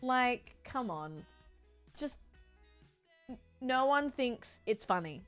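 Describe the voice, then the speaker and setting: A woman's voice: fairly high pitch, lively intonation, slow pace, a bit bright, clear, resonant tone, faint music behind. Chatty woman streamer, frank and rambling. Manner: rambling, frank, swears freely, full of fillers and playful bits. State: sore body. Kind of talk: casual chat while gaming on stream.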